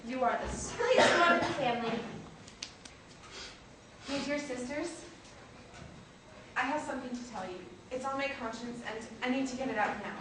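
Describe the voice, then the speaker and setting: A teenage girl acting an earnest young woman who gently comforts her sister, in a school play. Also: sits high, normal speed, pauses often, natural voice. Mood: confessional. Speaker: student actor. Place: school theater stage. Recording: echoey stage from far, loud background noise.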